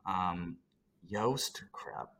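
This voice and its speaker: A man co-hosts a casual sports podcast, rambling and talking himself through trivia answers. His deep voice moves very slowly and sounds pushed and bright.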